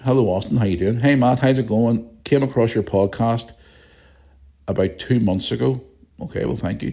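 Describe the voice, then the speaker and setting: A man's voice: lowish voice, dark tone. A middle-aged man with a Northern Irish accent, hosting a casual solo podcast, chatty and blunt, swearing freely. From Northern Ireland. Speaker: podcast host.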